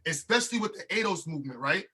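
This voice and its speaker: A man's voice: fairly high pitch, lively intonation, very fast, breathy edge. A man co-hosting a podcast, arguing emphatically in a heated casual debate and talking over the others. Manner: emphatic, talks over others, rises to shouting. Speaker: podcast co-host.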